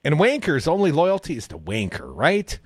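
Lively sarcastic talk radio man. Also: moderate pace, husky, no echo. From Madison, Wisconsin. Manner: animated, sarcastic, pitch swings for emphasis. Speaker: radio show co-host. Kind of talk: opinionated talk radio banter. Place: radio studio.

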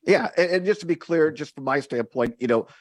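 A man's voice: a little high, animated, a little fast, darkish tone, no room sound. A man hosting a call-in radio talk show, earnest and often repeating words as he starts a sentence.

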